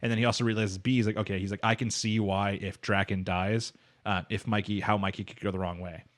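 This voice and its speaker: Male podcast host, low voice, rambling recap full of fillers. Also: level tone, quick pace, no room sound, studio quality. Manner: rambling, lots of fillers, acts out characters' lines. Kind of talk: casual anime recap chat.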